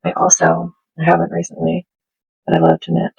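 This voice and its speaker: A middle-aged woman chatting casually and rambling while she crafts at home, with soft laughs. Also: on the low side, monotone, a little fast, creaky, breathy edge, dull audio. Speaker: craft video host. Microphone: smartphone.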